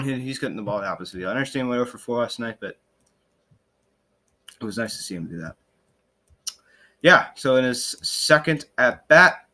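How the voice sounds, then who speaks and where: This young man runs a laid-back sports podcast, ranting in an animated, frustrated tone full of sarcasm, fillers, and restarts. His voice is mid-range.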